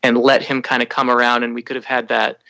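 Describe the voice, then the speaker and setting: A man's voice: mid-range voice, monotone, quick pace, vocal fry, pushed and bright, dry recording, low-quality recording. A man on a fan podcast, talking casually and rambling with many restarts. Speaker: podcast co-host.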